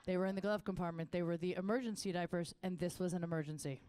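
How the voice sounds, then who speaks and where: A woman's voice: fast, slight background noise. A woman performing a stand-up comedy set on a festival stage, telling profane stories in a brash manner. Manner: jumps to a much higher, excited voice for quoted lines.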